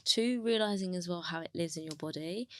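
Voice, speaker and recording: A woman's voice: on the low side, brisk. A woman hosting a podcast interview, affirming and enthusiastic as she responds to her guest. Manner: warm-hearted, affirming, enthusiastic. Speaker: podcast host.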